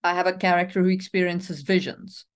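A woman's voice: fairly low pitch, steady tone, fairly quick. A woman co-hosting a writing podcast, talking casually in a chatty, frank way and laughing between points. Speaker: podcast co-host, author. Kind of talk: casual chat on writing craft.

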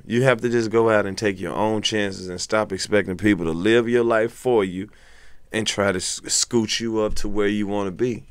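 A young adult man, a comedian co-hosting a podcast, talking in casual banter with profane, preachy rants that jump into high yelps. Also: clean tone, no echo.

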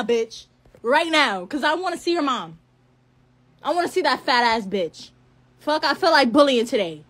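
A woman's voice: sits high, very animated, unhurried, pauses often, a bit bright. An eighteen-year-old woman in a heated, profane livestream rant into her phone, hurling insults.

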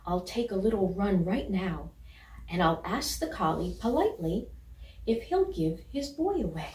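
A woman's voice: animated, normal speed, slight background noise, lightly acted. A woman doing a small eager puppy calling out. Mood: wishful. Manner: polite, hopeful, calls out loudly in a raised high voice. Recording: roomy, from a distance.

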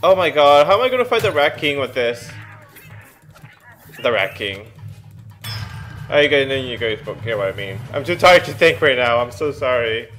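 A young man giving casual, excitable let's play commentary and reading game text aloud at home. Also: medium pitch, moderate pace, pauses often, faint music behind.

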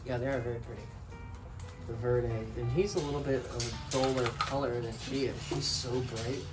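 A man's voice: medium pitch, steady tone, moderate pace, music in the background, rough recording. A man chatting casually in a vlog, talking playfully to his pet birds in an outdoor enclosure. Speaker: bird owner and channel host.

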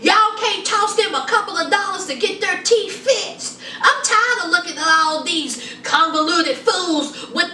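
Sassy woman vlogger with a high, bright voice, recorded a bit far from the mic in a roomy space. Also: animated, measured pace, few pauses, a little hiss or hum. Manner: sassy, chatty, calls viewers honey and child. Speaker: reality TV reviewer. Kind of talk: casual review commentary. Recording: roomy echo, distant from mic.

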